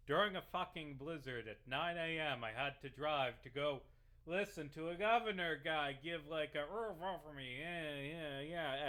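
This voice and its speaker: A man's voice: fairly high pitch, a bit bright. Profane, sarcastic man ranting. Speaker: vlogger and local reporter. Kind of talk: casual ranting commentary over gameplay.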